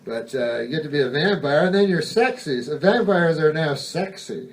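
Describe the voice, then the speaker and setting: A man's voice: fairly high pitch, animated, moderate pace. Rambling, profane stand-up comic man. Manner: rambling, profane, self-interrupting. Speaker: stand-up comedian. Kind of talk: stand-up routine. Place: comedy stage before a live audience. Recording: distant mic with audience laughter.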